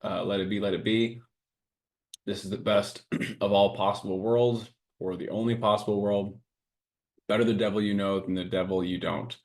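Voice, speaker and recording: A man co-hosting a casual podcast, talking earnestly and reading a list of sayings aloud in a steady way. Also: lowish voice, moderate pace. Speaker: podcast co-host and coaching business owner.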